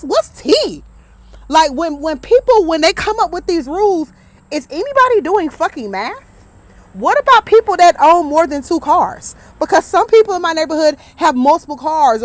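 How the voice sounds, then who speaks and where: Outraged high-voiced woman ranting. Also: dry recording. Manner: outraged, profane, rhetorical questions. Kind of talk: venting straight to camera.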